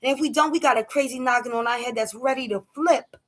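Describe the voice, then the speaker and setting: A woman telling a story to camera in a casual rant, emphatic and animated, acting out her own shouts. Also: high voice, fast talker. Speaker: vlogger.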